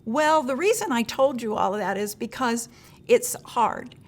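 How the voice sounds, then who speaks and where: A woman leads a training session for teachers. She talks in a relaxed, folksy way and often pauses on an um or uh. Now and then she voices a teacher's question in a raised tone. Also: a little high. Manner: frequent fillers, gentle advice.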